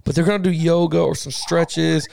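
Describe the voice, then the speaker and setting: A man with a high, heavily gravelly voice trades sports podcast banter, recorded close on a dry mic. He tells animated, profane stories and keeps hammering his point home. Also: moderate pace, no room sound. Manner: animated storyteller, profane, repeats "listen to me". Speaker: podcast co-host.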